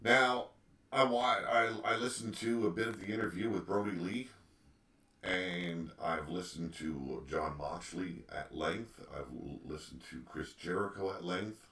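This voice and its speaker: A man's voice: low voice, unhurried, sharp tone. A man hosting a solo opinion podcast, ranting with emphatic rhetorical questions. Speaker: podcast host. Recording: echoey room, distant mic.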